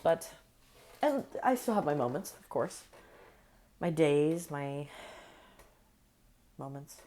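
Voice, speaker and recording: A young woman talking casually and earnestly to camera, meandering through thoughts with fillers and soft laughs, in an affirming, spiritual way. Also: deep voice. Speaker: vlogger. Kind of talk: casual reflective monologue.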